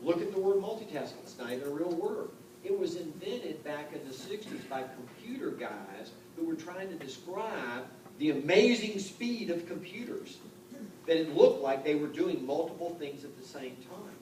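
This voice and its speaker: A man's voice: a little high, animated, normal speed. A man in his fifties, a real estate coach giving a live seminar talk to an audience, conversational and joking, full of rhetorical questions. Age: 50s. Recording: echoey room, distant mic, noticeable background noise.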